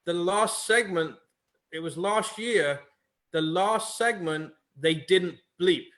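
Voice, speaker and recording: A man co-hosting a podcast in casual chat, halting and repeating words as he retells scenes. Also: high voice, fairly bright tone. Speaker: podcast co-host.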